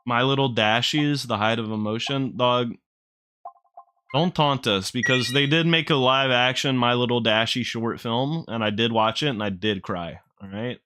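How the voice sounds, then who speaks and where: Bright-voiced joking gaming man. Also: mid-range voice, moderate pace, slight background noise. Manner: rambling, profane, jokey, talks to chat. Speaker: gaming streamer. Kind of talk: casual let's-play commentary.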